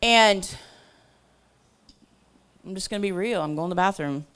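Animated woman sharing a church testimony. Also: medium pitch, measured pace. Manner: animated, swings from loud bursts to whispers; chatty, lots of "like" and asides. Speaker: church speaker. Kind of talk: storytelling testimony to a crowd.

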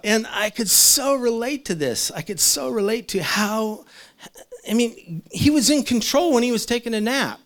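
Heartfelt pastor preaching conversationally. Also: male voice, normal speed. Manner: heartfelt and animated, often laughing, with restarts; drops soft and low when speaking of loss. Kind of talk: conversational sermon.

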